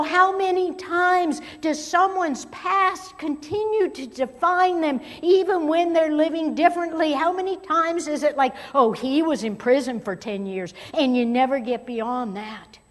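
A woman pastor preaching a sermon, moving between strong emphasis and hushed, near-whispered asides. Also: high-pitched, a little slow. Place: church sanctuary. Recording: long hall reverb.

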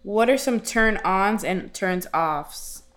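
A woman's voice: medium pitch, takes it slowly, fairly bright tone. Young woman hosting a podcast, mid voice, teasing questions. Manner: asks questions, reacts with disgust and teasing. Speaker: podcast host. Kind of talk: casual podcast chat.

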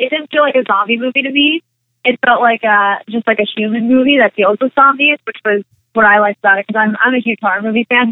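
A young woman chats as an interview guest, rambling through stories with constant "like" and "um". Her voice sits a little high, and it comes through a dry, tinny phone-like line. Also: no room sound. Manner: rambling, full of "like" and "um", animated retelling. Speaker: interview guest, actress and singer. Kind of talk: casual interview chat.

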